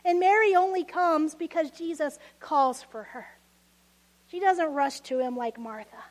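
A woman preaching a sermon, expressive and laughing often, acting out voices of people from the story. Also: high-pitched, measured pace.

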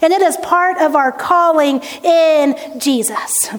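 A woman's voice: high voice, takes it slowly. A woman pastor preaching a conversational sermon to her congregation, speaking from a church sanctuary. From United States. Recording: hall reverb, church sanctuary.

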